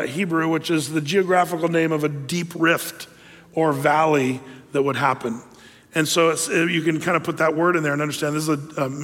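A male pastor delivers a sermon in a relaxed, conversational manner, full of fillers and side remarks. His voice sits a little high for a man. The sound carries a long reverb, as in a church hall. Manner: conversational, many fillers and asides.

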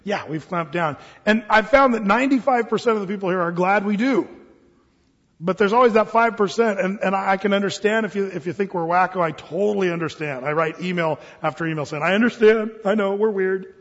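Man high-voiced pastor in an echoey hall. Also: fairly quick, a bit bright. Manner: conversational, jokey, acts out little voices. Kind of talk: sermon. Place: church. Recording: dull, reverberant hall recording.

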